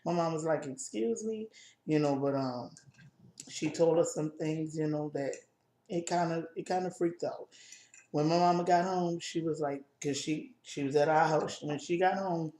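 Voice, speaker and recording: A woman co-hosting a casual chat video, telling a personal family story in a halting, emotional way with many restarts. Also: low-pitched, steady tone, warm tone, roomy sound. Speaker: co-host.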